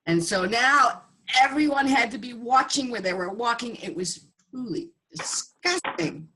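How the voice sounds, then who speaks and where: A woman's voice: a little high, expressive, a little slow, background noise. A woman storyteller telling a folktale aloud, acting out the voices and animal sounds.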